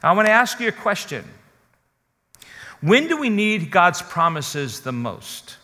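A man with a high, bright voice preaches a sermon with earnest conviction. He puts questions straight to his listeners and slows down to stress the words that matter. His voice rings out with a long hall reverb. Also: sing-song. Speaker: pastor.

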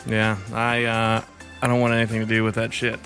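A man's voice: fairly low pitch, completely flat delivery, brisk, fairly bright tone, soft background music. A young man co-hosting a casual chat who laughs often and swears freely while joking crudely. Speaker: podcast co-host.

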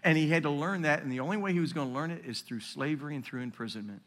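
A man in his fifties preaching a sermon in a church, swinging between loud emphatic peaks and hushed, low storytelling. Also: rapid-fire. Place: church sanctuary.

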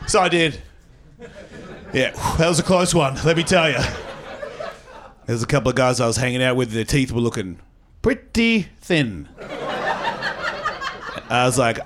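A man's voice: medium pitch, big pitch swings, measured pace, pauses often, background noise. A man with an Australian accent doing profane, rambling stand-up comedy and bantering with the audience. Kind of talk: stand-up comedy with crowd work. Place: comedy club stage before a live audience. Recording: live audience laughter throughout.

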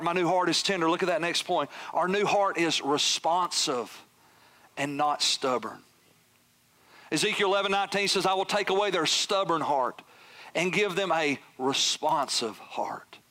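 Pastor preaching, high bright voice, goes big then drops to almost a whisper. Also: male voice, quick pace, hardly any pauses. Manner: dynamic preaching, swings from loud emphatic peaks to hushed near-whispers. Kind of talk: sermon.

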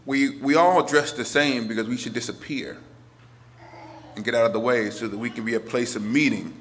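A priest in his forties preaching a sermon, earnest, moving between emphatic lines and hushed ones. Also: mid-range voice, moderate pace.

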